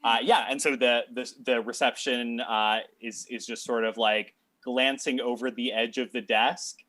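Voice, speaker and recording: A man narrating as game master of a tabletop game, talking in a halting way with many fillers and restarts. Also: medium pitch, fairly even intonation, sharp tone, dry recording.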